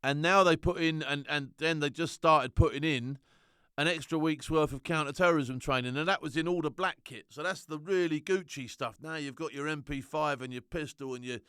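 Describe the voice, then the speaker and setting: A middle-aged man telling animated, slangy stories as a former soldier and laughing often. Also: on the high side, fairly quick, clean tone, dry recording, studio quality. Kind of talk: casual anecdote.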